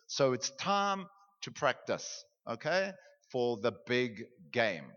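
A man's voice: medium pitch, takes it slowly. A young man leads a class through a meditation lesson, joking and chatty as he goes. His voice rings out in a large hall with a long echo, and the recording sounds dull and muffled. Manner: animated, joking, conversational. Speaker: pastor teaching a class.

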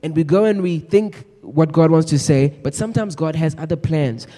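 A man delivers a sermon with earnest, exhorting energy, calling out questions to the congregation. His voice is mellow and fairly high for a man, and it rings through a church hall with a long reverb. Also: normal speed. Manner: earnest, exhorting, addresses the crowd directly. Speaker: preacher. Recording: echoey hall.

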